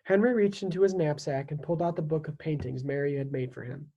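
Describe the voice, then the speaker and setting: A teacher reading a children's historical novel aloud with lively, expressive storytelling. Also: mid-range voice, fast, breathy edge, muffled recording.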